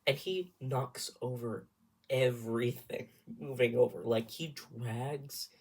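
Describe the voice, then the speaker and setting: A young man chatting in a casual vlog, telling a long, rambling story with animated asides and sudden dips into whispering. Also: medium pitch, slow. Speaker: vlogger.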